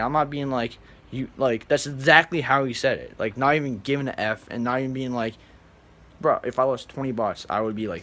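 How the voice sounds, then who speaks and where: A man vlogging, telling a story to his viewers in a rambling, animated way and flatly mimicking other people. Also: medium pitch, a little fast. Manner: animated, rambling, acts out others in flat mumbles. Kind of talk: casual storytelling to camera.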